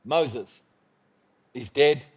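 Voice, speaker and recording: A man preaching a sermon as pastor, emphatic and repetitive, swinging from loud bursts to quiet murmurs. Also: mid-range voice, drawn-out words, husky.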